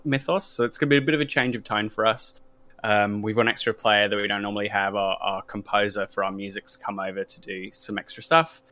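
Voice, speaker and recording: Man, bright tone, slightly low pitch, casual chat, hesitant, many fillers. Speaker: podcast host and game master.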